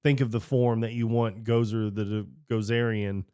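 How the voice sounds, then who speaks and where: A man co-hosting a podcast in casual film chat, retelling scenes and acting out lines with lively jumps in voice. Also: on the low side, moderate pace, clear, resonant tone, dry recording, clean studio sound. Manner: animated, acts out movie lines in raised voices. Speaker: podcast co-host.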